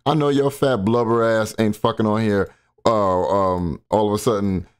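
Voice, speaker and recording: A man's voice: lowish voice, fairly even intonation, moderate pace, clear, resonant tone. A man hosting a casual reaction stream, commenting bluntly and crudely on clips with joking asides.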